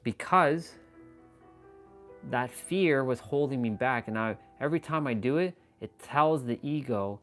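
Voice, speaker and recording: A man's voice: mid-range voice, moderate pace, fairly bright tone, soft background music. A man giving casual, intense motivational talk on his live stream, preachy and swearing freely.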